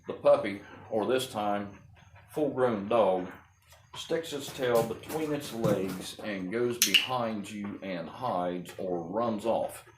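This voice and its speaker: A man's voice: on the low side, slow. A man breeding and training dogs gives a casual, rambling talk on puppy training to a camera on the wall of a small room. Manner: folksy, rambling, with many ums and restarts. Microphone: fixed camera on the wall. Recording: echoey room with clear background noise.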